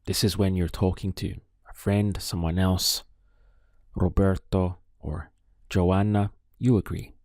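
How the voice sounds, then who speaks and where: A man teaching a Spanish lesson, prompting the learner and then giving each answer slowly and deliberately. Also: low voice, level tone, darkish tone, no room sound, studio quality. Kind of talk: slow spoken language lesson.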